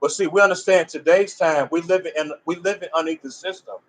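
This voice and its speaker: A man's voice: on the high side, fairly even intonation, fast, low-quality recording. A man giving an informal religious teaching in an emphatic, conversational way, pressing his listeners with rhetorical questions. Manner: loose conversational phrasing with restarts.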